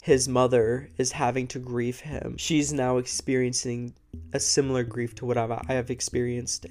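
A man's voice: medium pitch, a little mellow. Young guy doing a true crime vlog, emotional and kinda sick, earnest, laughs a lot, right up on the mic. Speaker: true crime podcast host. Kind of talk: casual chat to camera. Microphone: close studio microphone.

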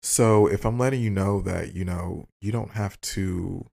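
A young man with a low, gravelly voice tells a story on his podcast in a loose, candid monologue. He swears freely and plays out both sides of his text exchanges. His delivery is casual and unscripted. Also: unhurried, mellow. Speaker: podcast host.

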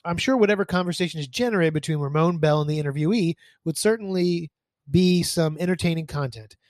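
A man's voice: fairly high pitch, quick pace, a little mellow, no echo. A man co-hosting a podcast, chatting casually and teasingly, reading out listener emails. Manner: teasing, offhand, reads listener emails aloud. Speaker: podcast co-host. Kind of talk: casual chat. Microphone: desk mic.

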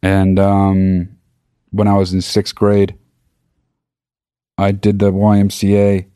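A man's voice: low-pitched, monotone, takes it slowly, dark tone, clear, resonant tone, no echo, clean studio sound. A man telling a comedic story in a rambling monologue, swearing freely and mocking himself, often stopping to correct himself. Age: adult. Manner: profane, sarcastic, rambling with self-interruptions.

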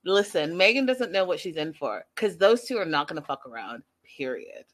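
A woman casually recapping a reality show, animated and acting out what people said. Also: lowish voice, normal speed. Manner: animated, quotes people in lively voices.

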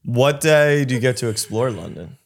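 A man hosting a casual podcast, leading his guest with long, curious questions. He talks easily in a plain, middle-pitched voice. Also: animated, normal speed. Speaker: podcast host. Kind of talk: casual interview chat.

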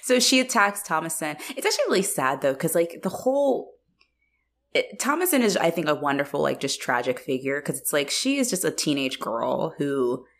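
Woman, low voice, podcast co-host, playful and jokey, casual film chat. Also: animated, moderate pace. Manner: playful, jokey, uses lots of likes.

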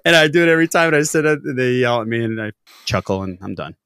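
Bright-voiced joking podcast man. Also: mid-range voice, lively intonation, fast talker, smooth, no room sound, clean studio sound. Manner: jokey, tells corny pirate jokes with voices. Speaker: podcast co-host. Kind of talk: casual chat.

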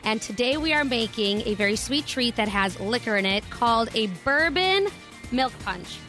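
Female co-host, slightly high voice, upbeat, explains things clearly. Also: lively intonation, normal speed, pushed and bright, faint music behind. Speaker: co-host presenting a cocktail segment. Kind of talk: casual radio show chat.

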